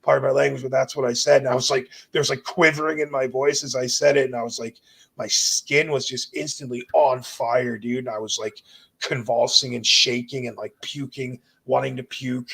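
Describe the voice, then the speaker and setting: A young guest shares his near-death story as emotional personal testimony, earnest and intense, sprinkling his casual speech with "bro" and "dude." His voice is mid-range, gravelly, fairly bright, and slightly rough, with little pitch movement and a normal speed.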